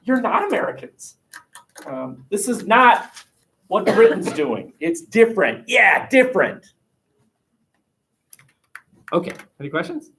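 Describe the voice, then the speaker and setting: A man's voice: high-pitched, big pitch swings, takes it slowly, long pauses, bright, forceful tone. A male history teacher lecturing a class in a conversational, rambling and wry way, recorded by webcam in a classroom.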